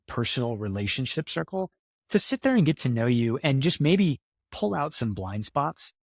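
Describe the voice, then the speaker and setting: A man in his own plain voice, speaking at a middle pitch for a man. He talks earnestly and with a motivational push, often repeating a point to drive it home. The sound is dry and close, with no room around it. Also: no room sound. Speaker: podcast guest. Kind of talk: casual interview talk.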